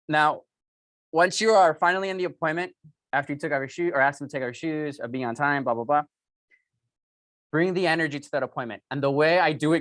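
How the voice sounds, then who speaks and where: A man giving a motivational sales training talk, telling an excitable story full of fillers and acting out both sides of a phone call. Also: fairly high pitch, no room sound. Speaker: sales speaker coaching a sales team.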